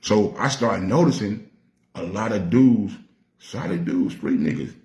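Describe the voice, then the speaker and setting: A Nashville man with a Southern accent, a rapper spinning a story from his past. His voice sits low, and he talks loose and streetwise, swearing freely. The sound bounces around an echoey room. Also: measured pace, gravelly, a little mellow. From Nashville, Tennessee. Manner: streetwise, profane, acts out quoted voices. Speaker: rapper telling stories. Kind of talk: casual storytelling.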